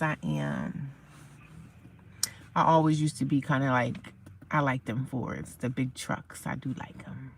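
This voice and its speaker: A woman with a low voice chats loosely on a livestream from her parked car, going over the same points and addressing viewers as y'all and honey. She's recorded on her phone's camera mic.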